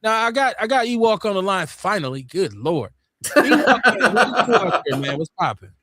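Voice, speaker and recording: A man's voice: high-pitched, big pitch swings, normal speed, over a noisy crowd. A man hosting a live talk show, arguing his points earnestly and repeating himself to drive them home. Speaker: host.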